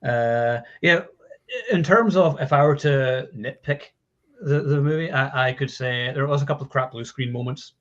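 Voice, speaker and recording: A man's voice: mid-range voice, moderate pace, lo-fi sound. A man hosting a casual movie chat, talking in long runs with many fillers and restarts. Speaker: podcast host.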